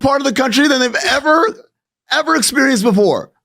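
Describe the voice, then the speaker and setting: A man co-hosting a comedic sports talk show, joking and swinging his voice high and low. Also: lively intonation, fairly quick, gravelly, a bit bright. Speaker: co-host.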